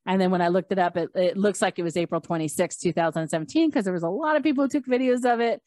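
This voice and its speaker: A woman hosting a podcast, telling a personal story in a casual, animated way and acting out the voices of the people in it. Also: quick pace, no echo. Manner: animated, acts out quoted voices with big pitch jumps. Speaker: podcast host.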